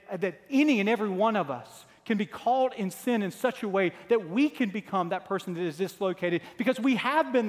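A man in his forties preaching a sermon as pastor, earnest, building to emphatic repeated phrases. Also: sits high. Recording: long hall reverb.

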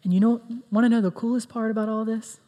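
A woman's voice: a little high, fairly even intonation, quick pace, mellow. A woman giving a sermon in an earnest, conversational way, with many fillers. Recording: long reverb of a hall.

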